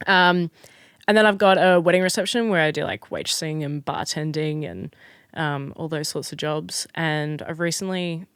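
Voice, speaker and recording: A young Australian woman in casual chat as a podcast guest, telling stories in an animated way with plenty of fillers and restarts. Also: deep voice, normal speed, smooth, dry recording, clean studio sound. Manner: chatty, animated storyteller with frequent fillers and restarts.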